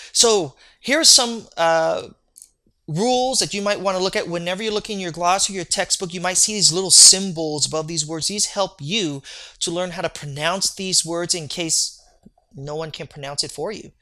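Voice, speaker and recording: A lecturer giving a recorded online lecture on medical terms, energetic and joking, often checking in with the listener. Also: mid-range voice. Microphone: recorded video lecture.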